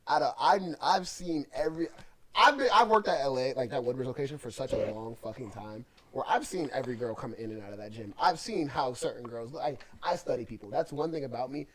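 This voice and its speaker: A man's voice: medium pitch, a little fast, crowd noise. A young man co-hosting a casual podcast chat, rambling with lots of fillers and cursing freely. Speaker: podcast co-host.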